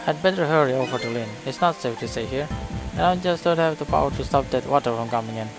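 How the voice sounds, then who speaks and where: A man's voice: mid-range voice, quick pace, natural voice, rough recording. An Indonesian-accented man reading the lines of a dry, curious male ghost in a game, in a wry, musing way. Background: game music.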